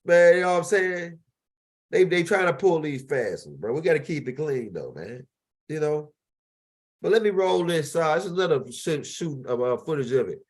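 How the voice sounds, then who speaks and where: A man hosts his own show and talks over video clips in a loose, animated way. His voice sits fairly high, and he rambles, restarting his sentences again and again. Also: moderate pace. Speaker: host.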